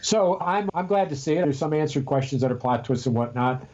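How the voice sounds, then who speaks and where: A man's voice: on the high side, expressive, brisk, a little mellow, highs cut off. A man co-hosting a podcast in casual chat, rambling and telling stories with frequent restarts. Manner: rambling, restarts often, storytelling. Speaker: podcast co-host.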